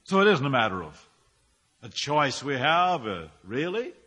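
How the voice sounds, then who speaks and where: A man's voice: medium pitch, big pitch swings, a little slow, pushed and bright, slightly rough, big-room sound. A male pastor preaching a sermon, firing rhetorical questions and building his phrases up with emphasis.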